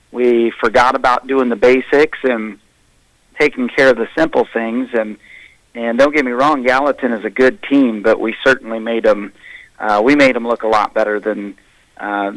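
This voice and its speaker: A man's voice: medium pitch, fairly bright tone, dry recording, low-quality recording. Male coach, mid-range voice, frank and plainspoken, dry close recording. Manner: candid, plainspoken self-critique. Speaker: high school wrestling coach. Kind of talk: radio interview.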